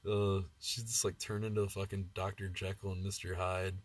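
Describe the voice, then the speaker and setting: Brief: low, husky American male vlogger, crude rambling livestream chatter. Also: steady tone, moderate pace, sharp tone. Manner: rambling, crude, laughs at his own stories. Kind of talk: casual livestream storytelling.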